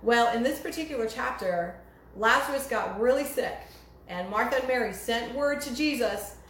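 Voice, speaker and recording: A woman's voice: on the high side, moderate pace, a bit bright. A woman preaching a sermon in an emphatic manner, her voice rising sharply when she quotes cries to God. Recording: echoey room with faint noise.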